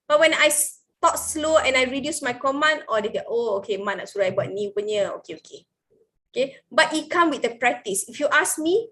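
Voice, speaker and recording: A middle-aged woman with a Malaysian accent and a high voice talks teachers through an idea. She slides easily between Malay and English as she explains. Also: a bit bright. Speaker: education speaker for teachers. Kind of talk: sharing-session talk to teachers.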